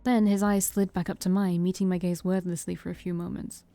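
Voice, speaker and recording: A woman streamer reading a visual novel aloud in steady narration, with small stumbles. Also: fairly low pitch, a little fast. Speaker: let's-play streamer.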